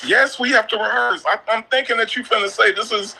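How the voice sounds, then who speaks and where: A man co-hosting a livestream, rambling and animated. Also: high voice, fairly quick, gravelly, husky, poor audio. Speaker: livestream co-host. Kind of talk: casual livestream talk.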